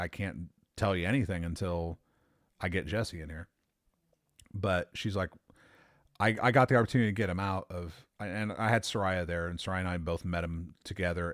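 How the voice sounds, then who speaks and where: A man's voice: low voice, dry recording, clean studio sound. A man telling a long personal story in a casual, rambling way, correcting himself as he goes, swearing now and then and laughing at his own luck. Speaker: podcast host.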